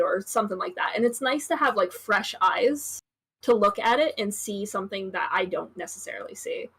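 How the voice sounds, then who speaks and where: A woman with a slightly husky voice, a guest artist chatting casually on a stream over a call. She rambles in an easygoing way and fills gaps with "um" and "like.". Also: mid-range voice, moderate pace, fairly bright tone. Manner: easygoing, rambling, lots of fillers.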